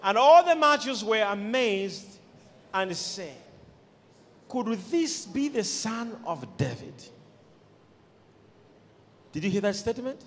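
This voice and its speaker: A man preaching a sermon, emphatic, with sudden shouted peaks and quiet asides, recorded in an echoey church hall. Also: high-pitched, very animated, slow, pauses often.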